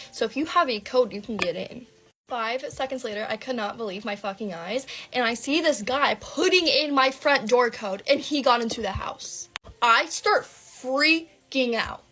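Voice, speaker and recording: A woman's voice: fairly high pitch, a bit bright. A young woman telling a dramatic personal story in a breathless, gossipy way, swearing freely.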